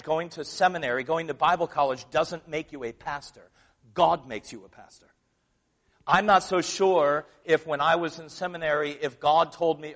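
A man's voice: a little high, fairly bright tone. A male pastor delivering a sermon, moving between chatty asides and emphatic scripture reading. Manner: conversational preaching, rising to emphatic scripture reading. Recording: long reverb of a church hall.

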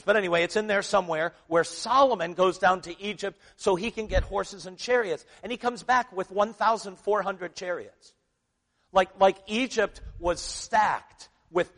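A middle-aged man preaching a sermon as pastor, in a conversational style with jokes and asides. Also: a little high. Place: church sanctuary. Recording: long reverb of a church hall.

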